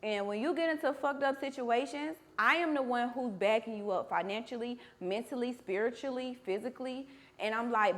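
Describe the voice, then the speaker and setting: Blunt, high-voiced woman host. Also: moderate pace, few pauses. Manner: blunt, emotional, swears freely. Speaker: podcast host. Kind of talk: candid conversation over a meal.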